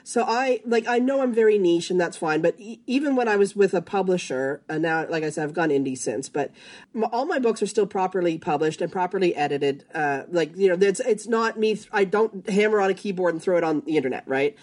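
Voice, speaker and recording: A woman's voice: on the low side, expressive, brisk, a little mellow. Woman chatting wryly as a host. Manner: wry, self-aware asides. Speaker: host, fiction author. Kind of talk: casual chat.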